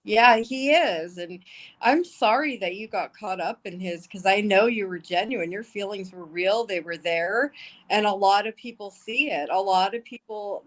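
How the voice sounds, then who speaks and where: A woman's voice: medium pitch, poor audio. A woman giving casual live-stream commentary, blunt and swearing often, with emotional asides. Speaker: livestream commentator.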